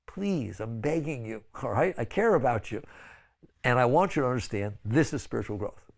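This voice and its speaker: A man's voice: lively intonation, normal speed, gravelly. An older man giving a spiritual lecture in a conversational, pleading way, with frequent "right?" asides. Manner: sudden high exclaiming bursts when acting out others. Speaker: spiritual teacher.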